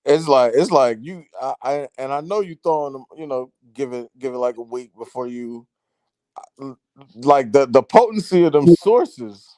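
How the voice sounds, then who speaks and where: A man chiming in emphatically during a barbershop conversation, his pitch rising and falling a lot. He restarts his sentences as he pushes his point. The recording is dry and close. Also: expressive, moderate pace, a little mellow, dry recording. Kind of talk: casual barbershop chat.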